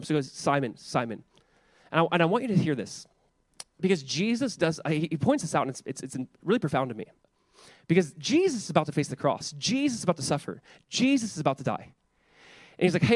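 His voice is on the high side and very animated as this pastor in his thirties talks fast through a casual church sermon. He sounds conversational, packed with filler "like"s and repeated words, and the studio-quality audio carries no echo.

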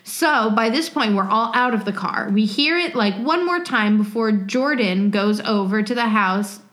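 A woman's voice: medium pitch, moderate pace, fairly bright tone. A woman co-hosting a podcast, chatting casually and reading listener stories aloud in a rambling, jokey way. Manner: rambling, jokey, self-interrupting. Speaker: podcast co-host.

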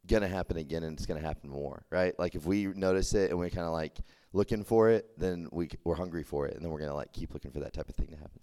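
A man's voice: extremely low pitch, warm tone, smooth. A young man from Texas, preaching a casual youth sermon, chatty and full of "like" and restarts. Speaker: campus ministry preacher.

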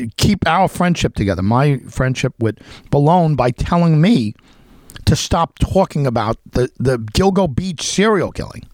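A man's voice: mid-range voice, darkish tone, no room sound. A man telling a rambling, unscripted story, with many restarts and quoted voices acted out. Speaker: podcast host telling a story. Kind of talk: unscripted spoken monologue.

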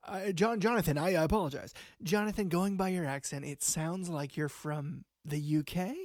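A man's voice: on the high side, normal speed, a little mellow, dry recording, clean studio sound. A man hosting an improvised comedy call-in show, talking in a rambling, earnest way that sometimes drops to near whispers. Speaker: talk show host.

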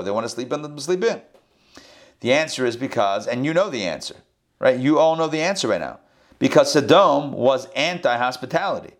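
A man teaching a scripture class with animated delivery, rhetorical questions and playful asides. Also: mid-range voice. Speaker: Bible teacher.

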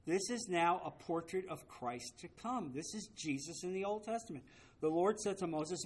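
Man, high voice, Bible study teacher, emphatic, repeats himself, rhetorical questions, wry asides. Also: lively intonation, moderate pace, husky.

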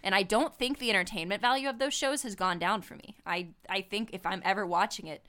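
A woman's voice: mid-range voice, a little fast, bright, forceful tone. A woman co-hosting a podcast in casual chat, reflective and using "like" often. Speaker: podcast co-host.

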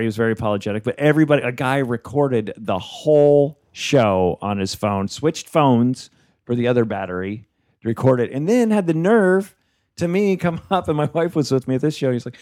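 A man's voice: medium pitch, animated, a little fast, a little mellow, dry recording, studio quality. A man hosting a casual podcast, ranting with lots of swearing. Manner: profane, ranting. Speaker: podcast host.

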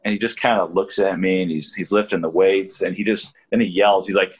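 A man who is a sports reporter, chatting casually on the radio as a guest and telling stories in a lively, animated way. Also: low-pitched, a little fast, few pauses, breathy edge, low-quality recording. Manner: lively, animated storyteller with restarts. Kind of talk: casual radio chat, storytelling.

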